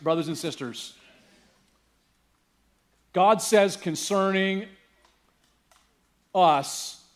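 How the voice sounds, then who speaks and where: A man's voice: high voice, slow pace, long pauses. A male pastor preaching a sermon, telling a story casually and building to emphatic preaching. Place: church.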